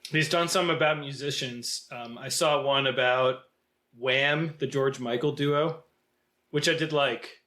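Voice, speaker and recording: A man's voice: mid-range voice, steady tone, unhurried, pushed and bright. A man co-hosting a film podcast, talking in a thoughtful, hesitant way with many fillers. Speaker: podcast co-host. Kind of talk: casual film discussion.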